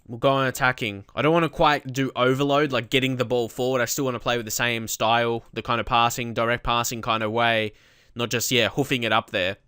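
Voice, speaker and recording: A young man commentating his own football management game, casual and prone to loud outbursts. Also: mid-range voice, fairly quick, smooth, no echo, studio quality. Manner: excitable, shouts at big moments. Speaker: gaming YouTuber. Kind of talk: let's play commentary.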